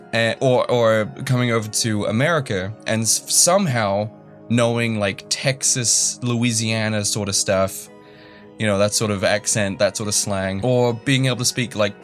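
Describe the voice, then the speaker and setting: A young man tells a story in a casual, rambling way, laughing at himself and circling back on his sentences. His voice sits a little low. Soft music plays quietly underneath. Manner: rambling, self-deprecating, many fillers and restarts. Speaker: YouTuber.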